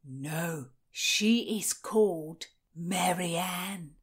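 A woman voicing a dazed, lovestruck male jailer who speaks slowly and breathily, drifting into whispers. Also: on the low side, husky, exaggerated voice. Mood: dreamy.

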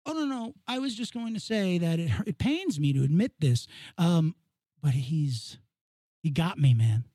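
A man's voice: on the high side, animated, measured pace, mellow, breathy edge, no room sound. A man co-hosting a casual chat, talking emphatically and repeating himself as he builds his point. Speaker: podcast co-host.

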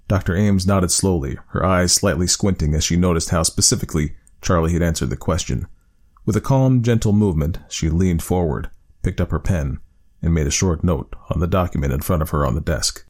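A man narrating a story in a steady, measured audiobook style. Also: deep voice.

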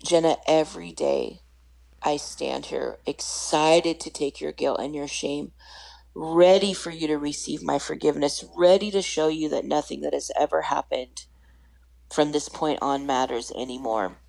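A woman recounting the words of a tender, reassuring Jesus, gentle and unhurried, with a low, even voice. The tone is kind and playful. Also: creaky, poor audio.

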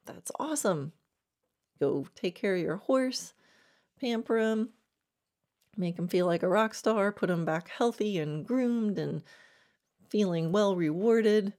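Woman coach on her podcast, low mellow voice, chatty and encouraging, laughs a lot. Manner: encouraging, conversational, laughs often. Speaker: horsemanship coach and podcast host. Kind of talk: podcast teaching monologue.

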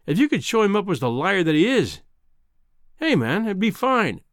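A man's voice: high voice, big pitch swings, moderate pace, no room sound, clean studio sound, voice pushed up. A man voicing a kindly, fussy old Scottish newspaper editor in an audiobook.

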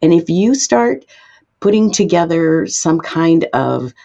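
A woman guest expert answering interview questions, explaining in an emphatic way with sudden lifts in pitch. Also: expressive, slow, vocal fry, mellow, highs cut off.

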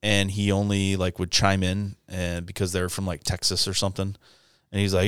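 A man's voice: low-pitched, a little fast, pauses often, clean tone, no room sound, clean studio sound. A man co-hosting a podcast, chatting casually and acting out the people in a story he tells. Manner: animated storyteller, acts out quotes. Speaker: podcast co-host. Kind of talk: casual chat.

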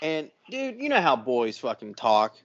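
A man co-hosting a podcast, telling a story in a casual, animated and profane way. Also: medium pitch, measured pace. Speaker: podcast co-host. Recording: dull lo-fi sound.

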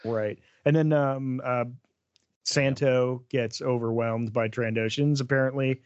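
A man's voice: medium pitch, steady tone, unhurried, clean tone, muffled recording. Rambling man in casual podcast chat. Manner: rambling, lots of "like" and "um" fillers. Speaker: podcast co-host. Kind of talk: casual chat recapping a TV episode.

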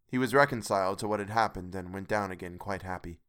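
A man narrates a classic story in a measured, expressive way. His voice sits fairly low. He paces the prose with care. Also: clear, resonant tone. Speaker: audiobook narrator. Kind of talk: scripted narration.

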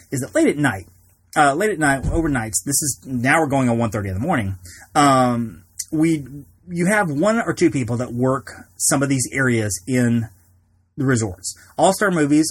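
A man's voice: mid-range voice, breathy edge, no room sound. A man hosting a podcast, telling a long personal story in a casual, rambling way with many restarts. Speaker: podcast host.

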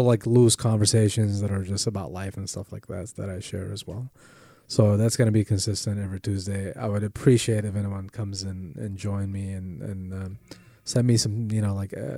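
A man, a comedian, chatting casually on a podcast, rambling and animated with frequent restarts. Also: lowish voice, moderate pace, gravelly, no echo, studio quality.

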